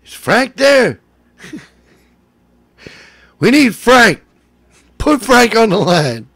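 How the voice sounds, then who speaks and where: Man doing a shrill frantic yeller. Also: big pitch swings, drawn-out words, no echo, studio quality, heavily acted. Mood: pleading. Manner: shrill desperate yelling. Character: frantic man shrieking for help.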